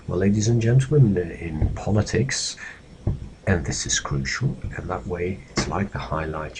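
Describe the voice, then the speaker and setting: Male lecturer, Belgian Dutch-speaking accent, deep voice, explanatory, faint background hiss. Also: darkish tone, poor audio. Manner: explanatory, acts out example phrases. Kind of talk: recorded lecture on presentation skills.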